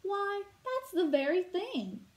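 A woman's voice: high voice, sing-song, measured pace, echoey room, voice pushed up. A woman reading a storybook aloud, voicing a flustered genteel lady customer who talks in a breathless fuss. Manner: breathless, fussing.

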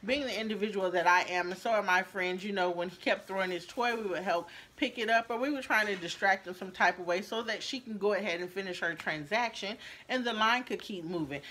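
A woman tells a story in a casual vlog, animated and talking straight to her viewers. Her voice sits at an ordinary middle pitch. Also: a little fast, hardly any pauses, a little hiss or hum. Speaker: storyteller vlogger.

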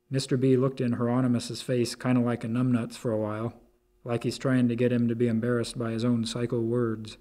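A man narrating a story aloud in crude street slang with a deadpan delivery. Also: mid-range voice, a little fast.

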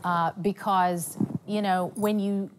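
A woman's voice: medium pitch, slow pace, a little hiss or hum. A woman from Nashville with a Southern accent, a guest telling stories about faith and health. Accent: Southern American. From Nashville, USA. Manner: animated storytelling with quoted voices.

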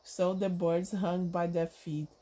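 A woman reading a children's storybook aloud in a gentle, expressive way. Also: lowish voice, measured pace, rough recording. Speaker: storybook reader. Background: background music.

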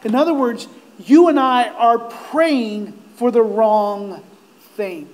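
High-voiced, slow-preaching male pastor. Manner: impassioned, rising to near-shouts on quoted cries; earnest, direct address to listeners. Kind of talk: sermon.

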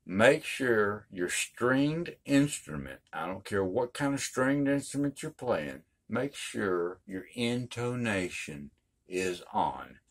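An older man gives a casual guitar lesson, speaking slowly in a lowish, animated voice. He teaches in a folksy, emphatic style and keeps repeating his points.

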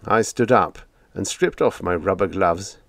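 A man's voice: deep voice, measured pace, vocal fry, no room sound. A man narrating a humorous science fiction audiobook in a wry storytelling manner.

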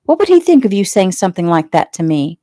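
A woman's voice: mid-range voice, very animated, fast, mellow, no echo. A woman reading the lines of a proud, weary young mother with an earnest, indignant manner in a casual audiobook.

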